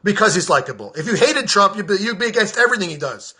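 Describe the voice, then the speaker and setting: A man podcaster giving a heated, profane political rant straight to camera, openly shouting. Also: sits high, very animated, fast.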